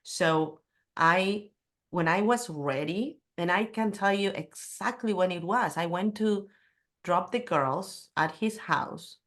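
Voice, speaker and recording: A middle-aged woman speaks as a guest, recounting a personal story with candor and feeling. Her voice sits on the low side for a woman. Her English carries small non-native grammar slips. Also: slow pace, a bit bright.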